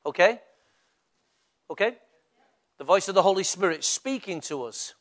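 A man's voice: high voice, lively intonation, normal speed. A male pastor preaching a sermon in a conversational way, rising to emphatic bursts.

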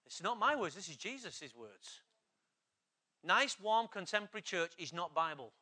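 A male pastor, preaching an urgent, exhorting sermon that builds to loud, emphatic passages. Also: high-pitched, sing-song, normal speed.

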